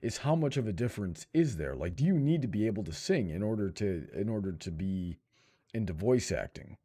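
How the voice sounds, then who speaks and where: Male co-host, low and mellow, hesitant and self-deprecating, casual call. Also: lively intonation, fairly quick. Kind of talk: casual video call chat.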